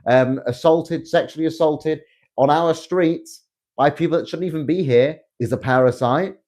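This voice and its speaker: Ranting English man, lively voice. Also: on the high side. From England. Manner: combative, heated, sarcastic. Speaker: online commentator. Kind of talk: ranting monologue.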